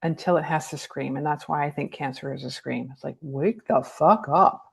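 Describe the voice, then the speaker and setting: Woman, low-pitched voice, blunt, outspoken, swears freely, laughs easily, candid podcast guest. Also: level tone, fairly quick, creaky, breathy edge. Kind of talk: candid conversation.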